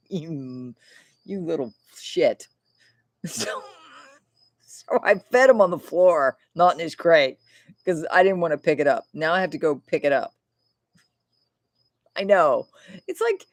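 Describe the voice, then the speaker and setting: A woman's voice: fairly low pitch, sing-song, unhurried, long pauses, no echo. Chatty, swearing woman livestreamer. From Florida. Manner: rambling, chatty, swears freely. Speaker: livestream host. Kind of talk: casual livestream chat.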